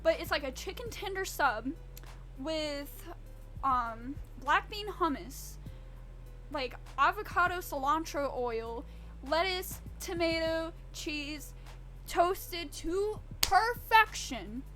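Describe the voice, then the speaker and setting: Chatty high-voiced woman streamer. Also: expressive, takes it slowly, pushed and bright, faint music behind. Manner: rambling, chatty, swears freely. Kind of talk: casual live-stream chat. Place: home kitchen, baking.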